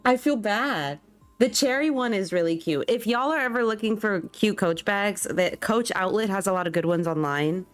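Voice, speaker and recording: A young woman talks casually with her stream chat, animated and quick to laugh. Her voice sits at an ordinary middle pitch and sounds dry and close. Soft music plays faintly behind her. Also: no echo. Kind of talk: casual livestream chat with viewers.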